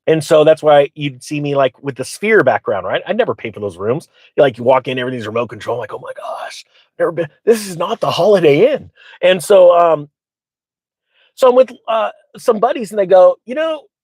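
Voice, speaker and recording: A man's voice: on the high side, darkish tone, no room sound. A middle-aged man hosting his channel, casually telling rambling stories and acting out quoted voices, with plenty of fillers. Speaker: channel host. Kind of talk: casual storytelling to viewers.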